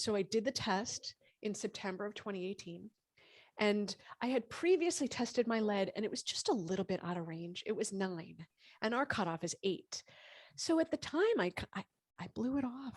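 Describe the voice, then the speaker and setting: A woman in her fifties telling her health story as a podcast guest, animated and lively, acting out what people said. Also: medium pitch, normal speed, no room sound. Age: 50s. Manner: animated, acts out quoted dialogue. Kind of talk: casual interview storytelling.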